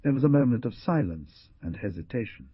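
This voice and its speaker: A man narrating an adventure audiobook in an expressive storytelling manner. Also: mid-range voice, fairly quick, husky, no echo. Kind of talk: scripted narration. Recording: dull dry lo-fi.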